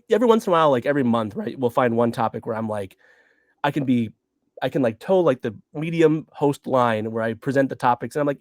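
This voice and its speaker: A man co-hosting a casual podcast, talking in an animated, rambling way and often cutting himself off mid-thought. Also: medium pitch, no room sound, clean studio sound. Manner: animated, rambling, self-interrupting. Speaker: podcast co-host.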